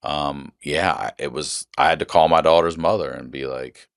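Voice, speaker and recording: A man's voice: rumbling low, fairly even intonation, moderate pace, gravelly, dry recording, studio quality. A middle-aged man on a podcast, casually telling a profane story and acting out the people in it. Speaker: podcast guest.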